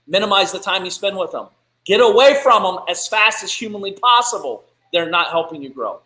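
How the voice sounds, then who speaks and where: A fired-up man hosting a live business stream, preaching bluntly and swearing freely. His voice sits high for a man, and it rings in an echoey room. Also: pushed and bright. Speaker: business podcast host. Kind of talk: live-streamed motivational rant.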